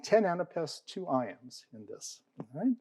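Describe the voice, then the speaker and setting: A man's voice: fairly high pitch, very animated, measured pace, darkish tone, no echo, rough recording. A man giving an explanatory talk on poetry to an audience. He often checks in with "okay?" and "all right?" and puts questions to the listeners. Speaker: panel speaker on poetry.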